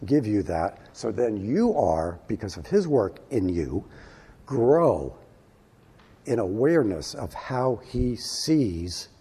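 A man preaching a sermon to his congregation, with emphatic, swelling delivery and slow, stressed phrases. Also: medium pitch, mellow, breathy edge. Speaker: pastor.

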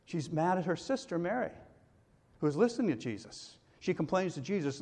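Pastor guy preaching, slightly high voice, long echo from the hall. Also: big pitch swings, fairly quick, darkish tone. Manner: conversational preaching with acted-out quotes. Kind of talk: sermon.

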